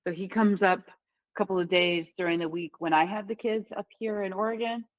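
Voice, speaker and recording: A woman's voice: medium pitch, steady tone, brisk, dry recording, narrow, tinny audio. A woman co-hosting a casual podcast, talking candidly, swearing freely and laughing often. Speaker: podcast co-host.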